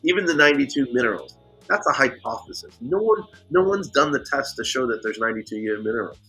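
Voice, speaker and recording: A man's voice: medium pitch, fast, husky, faint music behind. A man hosting a casual livestream chat, telling stories and acting out other people's voices. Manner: animated storytelling, acts out others' voices. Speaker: host.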